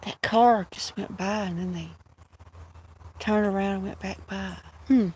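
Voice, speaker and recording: A woman's voice: medium pitch, steady tone, a little slow, a little mellow, slightly rough. A woman hosting a casual phone livestream outdoors, chatting to her cats and viewers in a rambling way. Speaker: livestream host. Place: outdoors with kittens, walking to a field.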